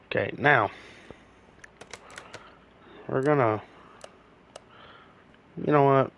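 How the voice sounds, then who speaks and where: Slow-talking sleepy gaming streamer, a man. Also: medium pitch, vocal fry, a bit bright, slight background noise. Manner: rambling, talking to himself while working. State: sleepy, yawning. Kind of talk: casual game commentary.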